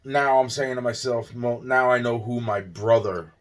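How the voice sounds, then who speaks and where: A man's voice: mid-range voice, fairly even intonation, normal speed. A man, from Long Island, rambling through an agitated, profane personal monologue and often restarting his sentences. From Long Island, New York. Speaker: vlogger.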